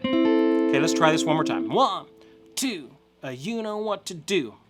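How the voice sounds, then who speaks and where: A man's voice: on the high side, very animated, moderate pace. A middle-aged man teaching a guitar lesson step by step, encouraging and counting along, often checking in with "okay?".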